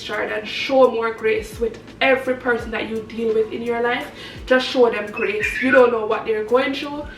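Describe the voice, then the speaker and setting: A chatty woman with a high voice talks casually to her viewers, rambling and laughing often. She sits a little back from the mic in a roomy, echoey space, with faint noise behind her. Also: fairly bright tone. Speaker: vlogger and mother. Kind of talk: casual chat to camera. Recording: echoey, from a distance.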